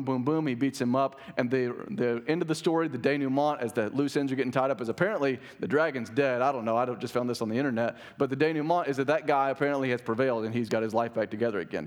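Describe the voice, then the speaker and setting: With a mid-range voice, a man preaches as a pastor in church, earnest but conversational, and regularly checks in with those listening.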